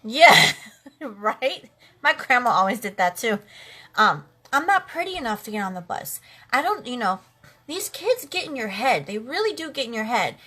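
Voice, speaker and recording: Woman in her late 30s, higher voice with a bright edge, earnest livestream storyteller, faint music behind. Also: sing-song, moderate pace. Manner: earnest, heartfelt, talks straight to viewers. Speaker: makeup live streamer. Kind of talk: casual personal storytelling on a livestream.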